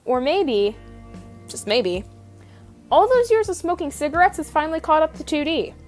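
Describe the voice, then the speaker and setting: High-voiced young woman narrating a video essay. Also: lively intonation, normal speed, darkish tone, soft background music. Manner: opinionated, wry, casually profane. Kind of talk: scripted commentary narration.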